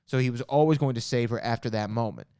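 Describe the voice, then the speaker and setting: A man hosts a casual podcast, reading questions and answers aloud and mixing in offhand comments. His voice is smooth and resonant, at a middle pitch. The sound is close and dry, with no room echo. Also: quick pace, mellow. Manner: reads aloud with chatty asides and self-corrections. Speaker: podcast host.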